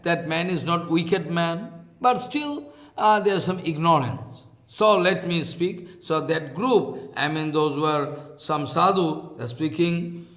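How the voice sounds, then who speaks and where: A man with an Indian accent giving a spiritual discourse, halting and repeating his phrases, now and then chanting verses. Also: fairly high pitch, fairly bright tone, roomy sound. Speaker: scripture teacher. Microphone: online talk.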